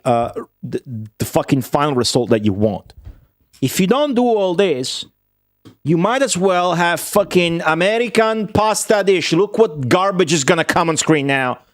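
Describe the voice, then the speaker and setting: A man's voice: medium pitch, no echo, studio quality. A man chatting on a livestream, blunt and profane, swearing freely as he rants. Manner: profane, blunt, excitable ranting. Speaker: streamer. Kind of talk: casual livestream chat.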